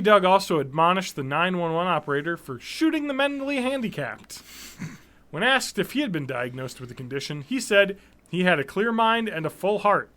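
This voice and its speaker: A man's voice: high-pitched, lively intonation, moderate pace, fairly bright tone. A man co-hosting a casual podcast, reading out odd news stories with sardonic jokes. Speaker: podcast co-host.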